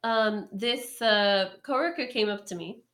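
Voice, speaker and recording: A woman's voice: mid-range voice, a little slow, a bit bright. A woman telling a work story in casual chat, rambling with lots of ums and likes and acting out what people said. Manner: rambling, full of ums and likes, acts out quotes. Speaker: podcast storyteller.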